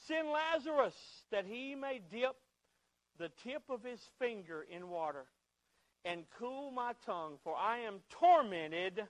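A man's voice: extremely high pitch, fairly bright tone, rough recording. A man preaching a sermon, with a fervent, repetitive cadence that builds in volume.

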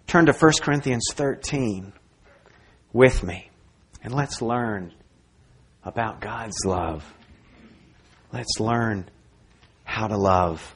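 A male pastor preaching a sermon in a church service, dramatic and swinging between loud emphasis and near whispers. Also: lowish voice, takes it slowly, pauses often, breathy edge.

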